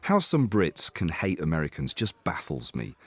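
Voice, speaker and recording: A man's voice: low voice, wildly swooping pitch, moderate pace, husky. An English man narrating his own story in a dry, self-deprecating, scripted way. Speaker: host and narrator.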